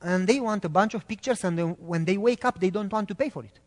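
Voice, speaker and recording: A man from Romania, preaching a sermon in an animated, emphatic way. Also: high-pitched, quick pace, long reverb tail.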